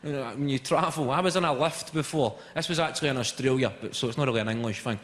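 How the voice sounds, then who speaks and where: A man with a Scottish accent performing a live stand-up routine, telling animated stories and laughing at his own jokes. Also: medium pitch, quick pace. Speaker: stand-up comedian. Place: large theatre stage. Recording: echoey hall, loud audience laughter.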